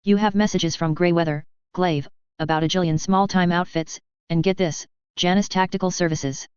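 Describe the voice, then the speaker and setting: A dry-humored woman aboard a starship, casual and plain in speech, as a woman narrator reads her. The voice is smooth and lowish, close and dry. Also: fairly even intonation, moderate pace, a little mellow, dry recording, dull audio, close to an everyday voice. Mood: wry.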